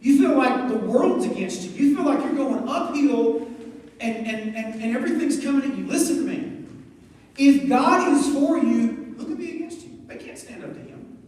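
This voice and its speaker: A youth pastor delivers a sermon to students in an echoey hall, his extremely high-pitched voice picked up by a distant mic. He speaks at a normal pace, telling animated stories full of jokes and asides.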